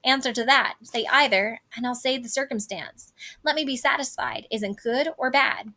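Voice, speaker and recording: A woman's voice: fairly high pitch, normal speed, bright, forceful tone. A woman reading the lines of an impatient, lovesick teenage girl from a play, eager and pleading.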